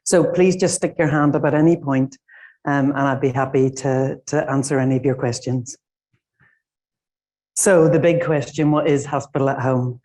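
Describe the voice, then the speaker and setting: A woman's voice: rumbling low, fairly even intonation, normal speed, dark tone. A middle-aged Irish woman giving a conference presentation in a small room, speaking informally with many fillers. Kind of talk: conference talk.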